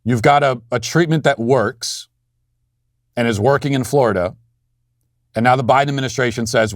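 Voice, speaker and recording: A man's voice: medium pitch, moderate pace, long pauses, dry recording, clean studio sound. A man hosting a political commentary show, talking in a sardonic, conversational way with frequent restarts. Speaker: show host.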